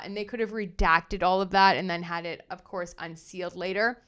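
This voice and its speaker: A woman hosting a casual commentary show, reading viewer comments in an animated, sassy way with slang. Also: medium pitch, moderate pace, clear, resonant tone. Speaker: commentary host.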